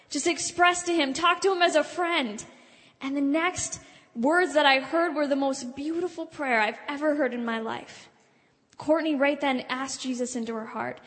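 A woman evangelist telling a personal testimony to an audience in an earnest storytelling way, dropping to a hush at emotional moments. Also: high-pitched. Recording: hall with long reverb.

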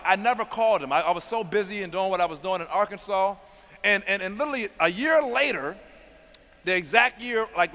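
A man preaches a testimony sermon, often calling on the congregation to answer back. His voice is high and bright with a forceful edge. The sound carries the long reverb of a large hall. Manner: emphatic call-and-response preaching. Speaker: pastor.

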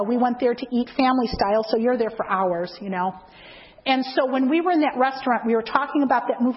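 A high-voiced woman preaches to a congregation and tells a story from her own life. She keeps asking the listeners questions and acts out each part of the dialogue. The recording is dull and lo-fi. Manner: asks the audience questions to keep them involved. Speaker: church speaker. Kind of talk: sermon with a personal testimony.

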